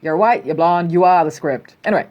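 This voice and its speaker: Casting: Australian woman news host, low-pitched, sardonic, riffing freely on the headlines she reads. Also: brisk, highs cut off. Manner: sardonic, animated, reads headlines then riffs. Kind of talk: casual commentary on news.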